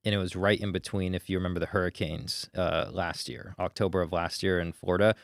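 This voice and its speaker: A man's voice: deep voice, brisk, dry recording, studio quality. A man in his thirties, a sales closer, telling stories energetically in a casual interview. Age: 30s. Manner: energetic storyteller, swears casually. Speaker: sales closer, podcast guest.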